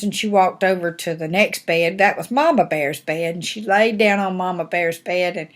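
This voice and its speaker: A woman's voice: on the low side, normal speed, hardly any pauses. Folksy older woman telling a story. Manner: folksy, animated, homespun phrasing. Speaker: grandmother reading stories. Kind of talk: storytelling to grandchildren.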